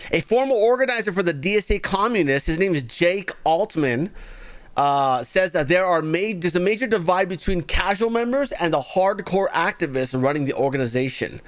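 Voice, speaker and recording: A man hosting a live online show, ranting sarcastically through his political commentary. His voice sits a little higher than most men's. It is heard close and dry, with almost no room sound. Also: lively intonation, normal speed, dry recording. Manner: sarcastic, mocking.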